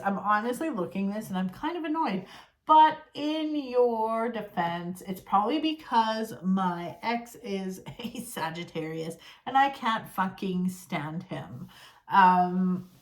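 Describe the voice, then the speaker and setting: Woman tarot reader, casual and blunt, exasperated tone, cursing, middle pitch, roomy echo. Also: lively intonation, a little slow. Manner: blunt, exasperated, swears freely. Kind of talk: casual tarot reading to camera.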